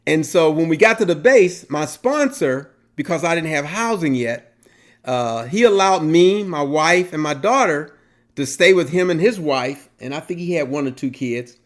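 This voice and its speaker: A middle-aged man co-hosting a casual talk show, an animated storyteller who laughs often. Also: fairly high pitch, normal speed. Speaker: podcast co-host. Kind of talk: casual chat.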